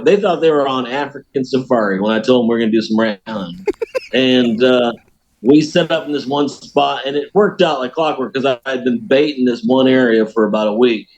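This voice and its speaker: An American man, a podcast guest, telling a story in a folksy, animated way. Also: medium pitch, dull audio. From United States. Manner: animated storyteller, folksy, laughs at his own tale. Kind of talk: casual storytelling.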